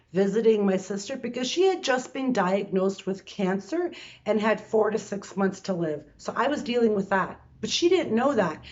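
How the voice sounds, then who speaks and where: A woman's voice: medium pitch, a little mellow, lo-fi sound. A woman in her sixties from Canada, telling a personal story to camera in a chatty way, full of fillers and restarts, from her bedroom. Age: 60s. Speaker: vlogger.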